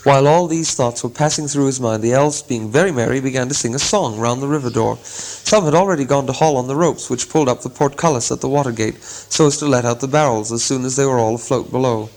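A man narrates a storybook at a steady, measured pace. His voice sits in the middle range, with a gently wry turn. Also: mid-range voice, rough recording. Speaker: audiobook narrator. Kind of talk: scripted narration.

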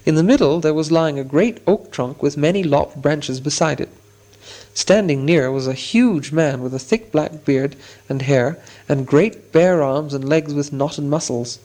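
A man reading a storybook aloud as narrator, steady and descriptive. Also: on the high side, unhurried. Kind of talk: audiobook reading.

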